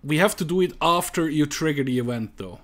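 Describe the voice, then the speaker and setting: A man's voice: fairly high pitch, lively intonation, a little fast. A man streaming a co-op strategy game, chatting casually and thinking aloud as he plays. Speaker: let's play streamer. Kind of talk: casual co-op gameplay chat.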